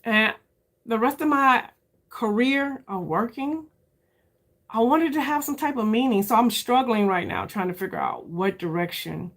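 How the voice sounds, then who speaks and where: A woman in her fifties, a beauty creator, talking candidly and searchingly straight to her viewers in a casual chat, often calling them "y'all" and rising in pitch for emphasis. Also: animated, a little slow. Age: 50s.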